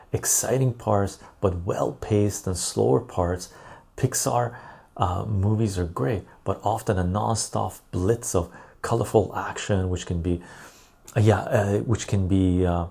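A man hosting a casual live stream, reading viewer messages aloud and answering them in a relaxed, rambling way. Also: on the low side, unhurried, gravelly, breathy edge. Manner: relaxed and rambling, with frequent fillers.

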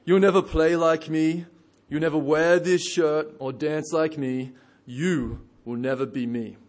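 Loud boastful male footballer as put on by a preacher, slightly higher voice. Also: steady tone, unhurried, lightly acted. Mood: intense. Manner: forceful, emphatic, boastful. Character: intense male star footballer in an ad.

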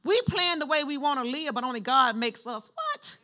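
A woman's voice: sits high, big pitch swings, moderate pace, bright, forceful tone. A woman pastor preaching a sermon in church, using call-and-response and having the congregation finish her lines.

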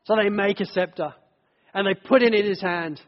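A man's voice: high voice, moderate pace. A man preaching a sermon in a church, telling the story vividly and earnestly. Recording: dull echoey church hall.

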